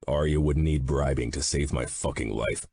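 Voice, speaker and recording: A man voicing a stern mafia boss who is worried for his brother, in a dry, measured audiobook reading. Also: extremely low pitch, fairly even intonation, creaky, a little mellow, slightly rough, exaggerated voice. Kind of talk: audiobook narration.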